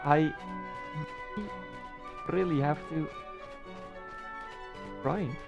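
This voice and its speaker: A man's voice: fairly high pitch, steady tone, drawn-out words, vocal fry, dull audio. Young man, gameplay commentary, rambling, joking, game music behind. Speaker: gameplay streamer.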